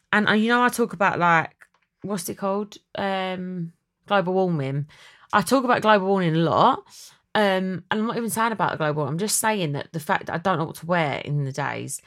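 A young woman hosting a podcast, chatty and dramatic in a casual chat. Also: a bit bright. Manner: chatty and dramatic, quick swings in pitch. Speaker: podcast host.

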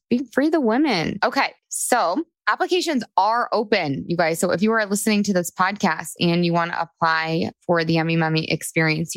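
A woman's voice: fairly low pitch, dry recording. A woman hosting a casual panel podcast, chatty and enthusiastic, now and then swearing. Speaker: podcast host and coach.

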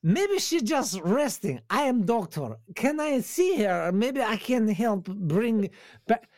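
A man's voice: sits high, very animated, takes it slowly, darkish tone, no echo, clean studio sound, exaggerated voice. A man voicing a young man who fakes a Ukrainian accent and speaks broken English. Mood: pleading, earnest. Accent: put-on Ukrainian.

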